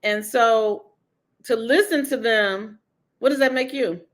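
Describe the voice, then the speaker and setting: A woman's voice: a little high, takes it slowly. A woman author being interviewed, talking candidly and emphatically, laughing often.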